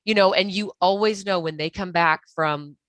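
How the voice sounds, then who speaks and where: This is a woman's lowish voice, recorded close and dry on a podcast mic. She speaks as a guest expert and gives earnest, practical advice, restarting her sentences as she goes. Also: normal speed, a bit bright, no echo. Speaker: guest expert on toxic relationships. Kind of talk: podcast interview.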